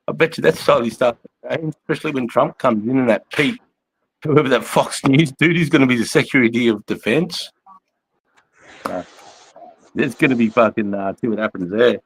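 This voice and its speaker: A middle-aged Australian army veteran hosting a casual phone livestream, swearing freely, laughing and reading out viewer comments in blokey slang. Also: male voice, medium pitch, animated, moderate pace, pauses often, husky, rough recording.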